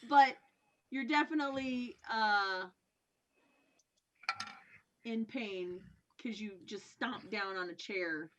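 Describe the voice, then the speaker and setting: A woman running a tabletop game as game master, narrating haltingly with many fillers. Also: medium pitch, lo-fi sound, a little hiss or hum.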